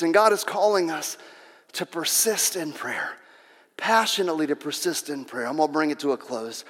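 A man preaching a sermon as pastor, impassioned and repetitive, swinging between loud and hushed. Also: fairly high pitch, animated, moderate pace, big-room sound.

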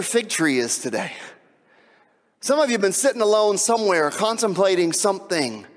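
A man preaching a sermon with emphatic delivery, swinging from hushed, intimate passages to shouted climaxes. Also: sits high, very animated, moderate pace, big-room sound. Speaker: pastor.

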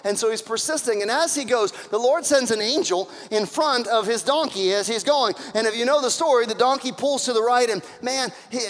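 A man preaching a sermon, telling scripture stories in an animated way and acting out the voices of the people in them. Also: very high-pitched, fairly quick, hardly any pauses, long reverb tail. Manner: animated storytelling with acted-out voices. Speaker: pastor.

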